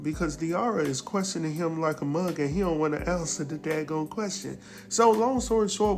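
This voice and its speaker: Speaking directly to his viewers, a man runs through a TV episode in a loose, lively way, exclaiming and chuckling along. His voice is a little high.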